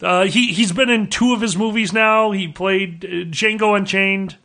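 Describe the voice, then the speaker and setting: A man's voice: sits high, fairly even intonation, normal speed, bright, forceful tone. A man co-hosting a comedy podcast, riffing in crude, brash banter. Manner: brash, crude, laughing riffs. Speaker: podcast co-host.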